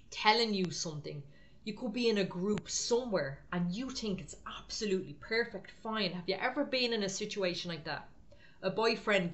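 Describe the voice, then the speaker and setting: A woman preaching a sermon, firm and exhorting in a conversational way. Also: medium pitch.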